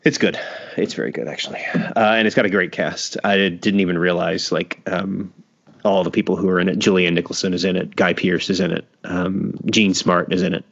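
Deep voiced guy hosting a podcast, laughs a lot, kinda muffled audio. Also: steady tone, brisk, creaky, fairly bright tone. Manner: chatty, laughs often, trails off and restarts. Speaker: podcast host. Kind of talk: casual chat.

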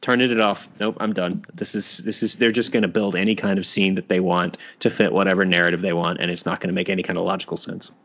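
A man's voice: deep voice, little pitch movement, fast, hardly any pauses, fairly bright tone. A man hosting a casual chat, retelling scenes bluntly with dry asides. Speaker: podcast host. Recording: dull lo-fi sound.

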